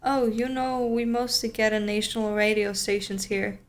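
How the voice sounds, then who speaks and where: A woman's voice: medium pitch, steady tone, normal speed, lightly acted. A woman voicing a cheerful middle-aged Greek man who runs a restaurant, speaking in a friendly, chatty way.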